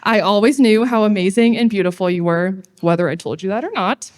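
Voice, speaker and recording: A young woman giving a heartfelt wedding toast to her big sister, speaking in measured, read-out phrases. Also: medium pitch, a little mellow.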